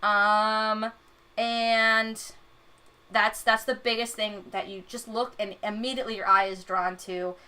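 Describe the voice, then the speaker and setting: A young woman narrating as game master in a tabletop game, relaxed and rambling with many fillers. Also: mid-range voice, a little slow, clean tone.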